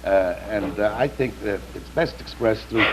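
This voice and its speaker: A man's voice: on the low side, moderate pace. A man telling jokes on a 1960s comedy panel show, doing voices in his stories. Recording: faint background noise, 1960s TV.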